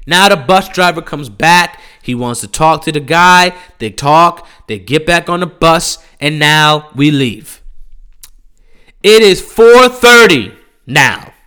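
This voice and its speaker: A male comedian rants through a story in a high, bright, tense voice. He sounds exasperated, and his telling is loose and profane. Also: a little slow, hardly any pauses, clean tone. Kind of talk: stand-up storytelling.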